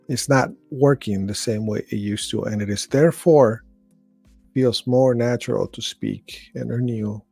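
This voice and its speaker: Host, middle-aged man, dark gravelly voice, dry close mic, casual read-aloud with asides. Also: medium pitch, no echo. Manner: reads aloud with slips and restarts, adds asides. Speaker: host reading and reacting to stories.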